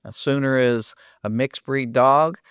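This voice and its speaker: Older man from Oklahoma, podcast host, folksy storyteller, smooth voice, dry close mic. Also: medium pitch, unhurried, a bit bright, no echo. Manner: folksy storyteller, acts out dialogue. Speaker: podcast host and dog trainer. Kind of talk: casual podcast monologue with stories.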